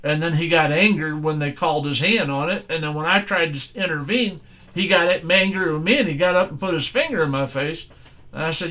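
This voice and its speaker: An older man preaches in a folksy, plain-spoken way, his voice sitting high for a man. He slows right down to read scripture aloud. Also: pushed and bright. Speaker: pastor. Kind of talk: sermon.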